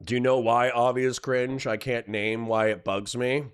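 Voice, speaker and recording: A man's voice: medium pitch, flat delivery, normal speed, clear, resonant tone. A man streaming live, rambling and swearing while he comments and reads chat messages aloud.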